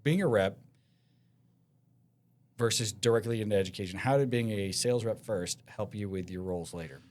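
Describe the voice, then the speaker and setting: A man's voice: lowish voice, a little mellow. A man hosting a podcast in a studio, asking questions and sharing his own stories in a casual, chatty way. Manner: casual, chatty, quick reactions. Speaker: podcast host. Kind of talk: casual interview chat. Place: company TV studio.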